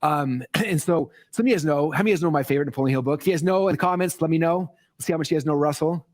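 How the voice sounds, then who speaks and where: A man speaking excitedly to a live audience, rambling with many fillers and restarts, voicing quoted people in a raised voice. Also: a little high, rapid-fire. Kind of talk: excited casual presentation. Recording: played clip inside a commentary video.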